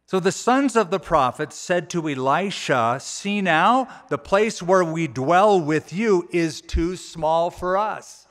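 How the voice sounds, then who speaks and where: Male pastor, sermon delivery, casual paraphrasing, slightly high voice, church hall with long reverb. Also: takes it slowly, few pauses. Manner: conversational, folksy paraphrasing with animated quoted voices. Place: church auditorium.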